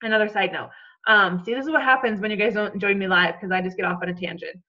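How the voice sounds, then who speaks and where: A woman's voice: medium pitch, fairly even intonation, fast, bright, forceful tone, muffled recording. A woman coaching her team on a call in a chatty, encouraging way, checking in often with "okay?".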